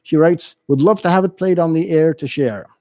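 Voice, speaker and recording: Guy hosting community radio, dark mellow voice, dry close studio mic, lots of ums. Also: a little high, normal speed, dry recording. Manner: relaxed, reads listener emails aloud with frequent ums. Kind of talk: casual radio announcing. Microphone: studio microphone.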